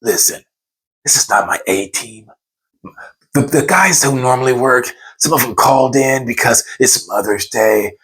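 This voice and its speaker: A man's voice: medium pitch, a little slow, a bit bright, close to an everyday voice. A man doing a flustered, apologetic manager. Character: flustered young male restaurant manager.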